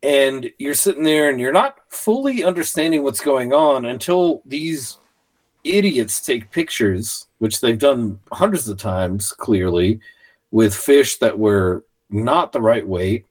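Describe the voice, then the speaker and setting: A man in casual podcast chat, talking animatedly and swearing often, acting out quotes with sudden shouts. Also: mid-range voice, animated, slow pace.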